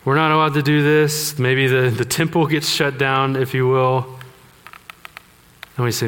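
A man's voice: mid-range voice, steady tone, unhurried, pauses often, a bit bright, smooth. Man, pastor, sermon, conversational, joking asides, resonant voice, long reverb.

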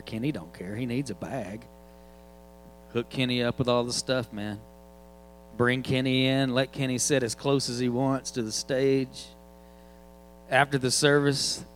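A man's voice: medium pitch, slight background noise, rough recording. A man, preaching in a casual, joking storytelling way. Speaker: guest preacher. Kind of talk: sermon storytelling.

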